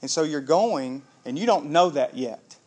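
A man preaches a sermon, his voice sitting noticeably high for a man. He tells the story with animation, slipping into the characters' voices as he goes. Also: animated, a little slow, a little mellow. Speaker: pastor.

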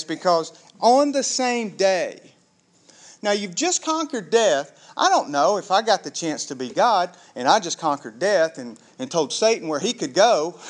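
A man preaches a sermon, his voice sitting noticeably high for a man. He tells the story with animation, slipping into the characters' voices as he goes. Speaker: pastor.

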